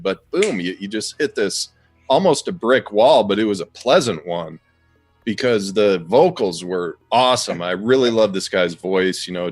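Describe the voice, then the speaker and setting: A man's voice: low voice, no echo. A man co-hosting a music show, rambling enthusiastically about a song with many restarts. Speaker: co-host music reviewer. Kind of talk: casual music review chat.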